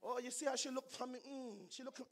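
A man's voice: fairly even intonation, fairly quick, fairly bright tone. A man putting on a petty Jamaican church gossip. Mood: grumbling. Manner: low, mocking, grumbling.

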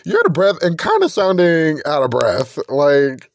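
A man hosting a casual solo podcast, gushing with excitement and swearing freely. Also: a little high, a little slow. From not from Texas. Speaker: podcast host.

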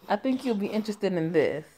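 A woman's voice: mid-range voice, expressive, brisk, warm tone, slight background noise, natural voice. A woman voicing a smug, teasing male teacher, reading his lines in a story game. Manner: teasing, mocking.

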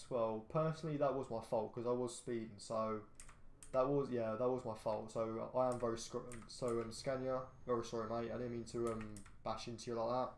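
Teen boy, gaming commentary, flat rambling delivery, roomy echo with faint noise behind. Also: mid-range voice. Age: teenager. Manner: rambling, repeats himself, quick outbursts at traffic. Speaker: gaming channel host. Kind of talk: casual gameplay commentary.

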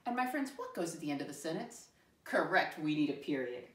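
Woman teacher, encouraging and deliberate with little kids, recorded in an echoey room from a distance. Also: on the low side, very animated. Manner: encouraging, slow and deliberate, spells words letter by letter. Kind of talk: classroom lesson for young children.

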